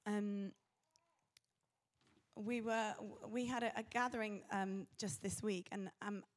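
A woman preaching a sermon in an earnest, pausing way. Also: medium pitch, steady tone, no echo.

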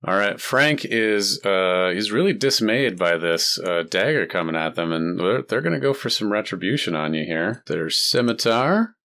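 A man narrating a tabletop role-playing game as dungeon master, explaining rules in a relaxed way with many fillers. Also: lowish voice, moderate pace, hardly any pauses.

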